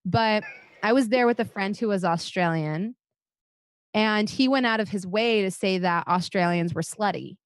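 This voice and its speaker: This young woman's voice is medium-pitched and her pace normal as she co-hosts a podcast, recorded in studio quality with no room sound. Her storytelling is animated and casual, sprinkled with "like" and frequent swears.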